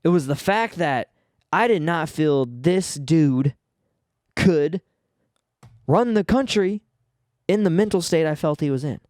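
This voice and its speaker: A man's voice: fairly high pitch, animated, slow, pauses often, darkish tone, no echo, studio quality. A man hosting his own podcast, ranting casually with lots of swearing and stumbling restarts. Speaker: podcast host. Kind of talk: casual solo podcast rant.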